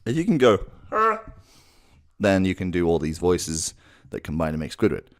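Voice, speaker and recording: A man's voice: deep voice, big pitch swings, a little fast, darkish tone. A man giving a crude, rambling, self-mocking voice-impression tutorial at home. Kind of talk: casual tutorial. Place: home room at night.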